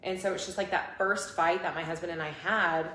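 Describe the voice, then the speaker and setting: A woman's voice: on the low side, fairly quick, a little hiss or hum. A woman in her twenties, a coach and podcast guest, telling stories in casual chat with lots of laughter and fillers. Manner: animated storytelling, laughing often, many fillers. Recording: echoey room, faint ambience.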